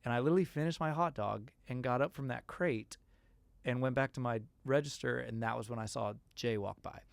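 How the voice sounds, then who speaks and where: A man's voice: medium pitch, fairly quick, creaky, no room sound. A man, a songwriter guest, telling stories in a casual interview and acting out the voices of the people he quotes. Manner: animated, acts out quoted voices.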